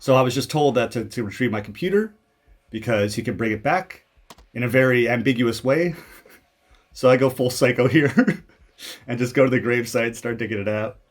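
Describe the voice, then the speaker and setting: A man's voice: medium pitch, moderate pace. A young man from Canada giving casual commentary over his own old video, rambling and poking fun at himself, with many fillers and restarts.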